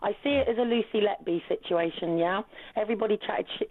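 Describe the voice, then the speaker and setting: A woman's voice: mid-range voice, quick pace, dry recording. Insistent woman caller on a phone line. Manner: rambling, insistent, talks over the host. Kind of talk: phone-in call. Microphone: telephone.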